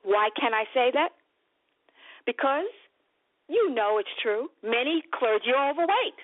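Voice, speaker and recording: A woman's voice: sits high, unhurried, no echo. A woman nutrition coach preaching with passion on a radio program, calling her listeners beloved and getting worked up. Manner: impassioned, animated, addresses listeners as beloved. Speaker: nutrition coach and broadcast host. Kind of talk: preaching-style health talk. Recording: dry, phone-like radio broadcast.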